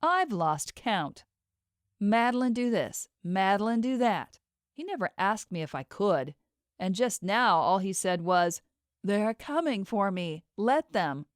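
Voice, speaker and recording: A woman's voice: medium pitch, very animated, takes it slowly, no echo, clean studio sound. A woman voicing a frightened, furious young wife in an audiobook, ranting and tearful. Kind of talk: audiobook character voice.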